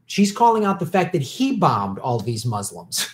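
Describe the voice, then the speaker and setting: A man's voice: mid-range voice, huge pitch swings, normal speed, a little hiss or hum. A man hosting a casual live stream, reading viewer questions and answering in an opinionated, heated way with many restarts.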